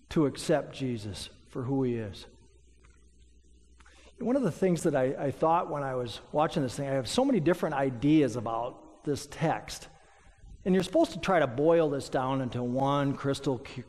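Preaching as a pastor, a man with a medium-pitched, slightly mellow voice tells stories and acts out the voices of the people he quotes. A long hall reverb surrounds the recording.

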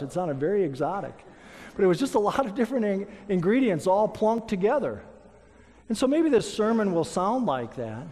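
Pastor preaching in a reverberant hall. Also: male voice, high-pitched, dark tone. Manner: storytelling, acts out quoted voices. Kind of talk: sermon.

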